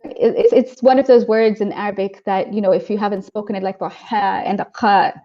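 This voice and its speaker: A woman's voice: medium pitch, steady tone, a little fast, dull audio. A woman guest in a casual interview, chatty, laughing often and acting out what people said. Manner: chatty, laughs often, acts out quoted voices.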